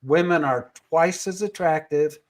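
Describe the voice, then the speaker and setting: A man's voice: on the high side, unhurried. Playfully opinionated male podcast host. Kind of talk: casual panel chat.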